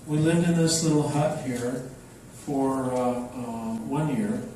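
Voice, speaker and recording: An older man giving an unhurried, anecdotal talk to an audience, with many fillers, recorded from afar in a large echoey hall. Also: mid-range voice, dark tone, far from the mic, slight background noise. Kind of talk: public talk. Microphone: microphone, then unamplified.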